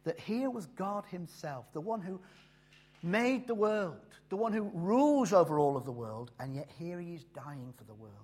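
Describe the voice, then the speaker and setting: Husky-voiced man preaching emphatically. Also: high-pitched, big pitch swings. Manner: emphatic, rises and drops in loudness and slows on key phrases. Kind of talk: sermon.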